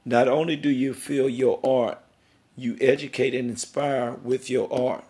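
A man's voice: mid-range voice, steady tone, unhurried, darkish tone. A middle-aged man hosting a podcast interview, talking in an emphatic, preachy, rambling way about worth and family. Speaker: podcast host.

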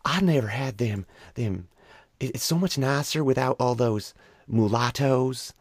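A prim, old-fashioned Southern mother speaks in a raised, genteel hush, as a man puts her on. Her prissy delivery sits in a dry, close recording. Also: mid-range voice, a little slow, no room sound, voice pushed up.

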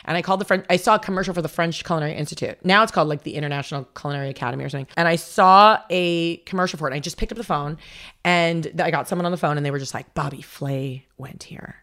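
Fast-talking low-voiced woman chef. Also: fairly bright tone. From Los Angeles, United States. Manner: fast and chatty, packed with "like", slips into voiced quotes. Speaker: chef, podcast guest. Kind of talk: casual interview storytelling.

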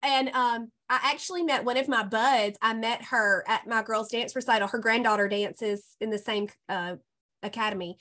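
A woman hosting a casual podcast chat, effusive and quick to laugh. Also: a little high, steady tone. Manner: warm, effusive, laughs often. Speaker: podcast host and health coach.

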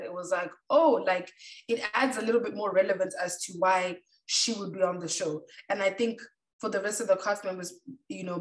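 A woman co-hosting a casual chat, talking loosely with many fillers. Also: on the low side. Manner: chatty, lots of "like" fillers. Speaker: podcast co-host. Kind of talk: casual chat reviewing a reality show. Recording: echoey room, a bit far from the mic.

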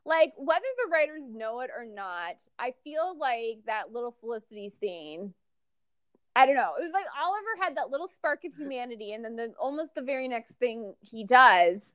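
A woman co-hosting a casual fan podcast, chatty and animated, with lots of fillers and restarts. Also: on the high side, normal speed, clear, resonant tone, dry recording, studio quality. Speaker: podcast co-host. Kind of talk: casual fan podcast chat about a TV show.

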